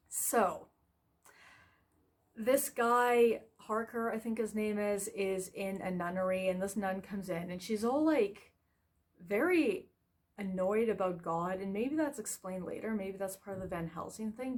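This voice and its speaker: A woman giving a casual, scattered video review, frustrated and animated, with lots of fillers and restarts. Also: mid-range voice.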